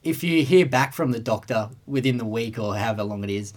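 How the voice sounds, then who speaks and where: A man's voice: medium pitch, lively intonation, brisk. A young man with an Australian accent telling a long rambling story as a podcast co-host, casual and sweary. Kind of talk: casual chat.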